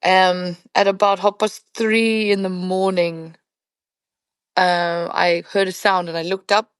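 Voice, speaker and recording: A woman who works as a professional hunting guide, a podcast guest retelling a night hunt in animated, conversational storytelling full of "you know" fillers. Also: on the low side, takes it slowly, clear, resonant tone, no echo.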